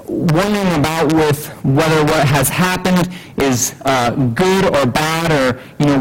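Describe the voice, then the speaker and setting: A man preaching a sermon in an unhurried way, with many fillers and rhetorical questions. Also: a little high, rough recording.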